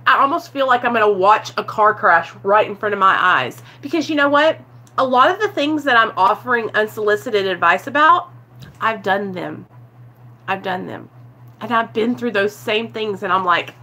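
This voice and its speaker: Earnest, bright-voiced woman vlogger. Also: medium pitch, expressive, moderate pace. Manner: earnest and confessional, often addresses viewers as you guys; answers live chat comments mid-talk. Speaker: recovery vlogger. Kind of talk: casual live-stream talk to viewers.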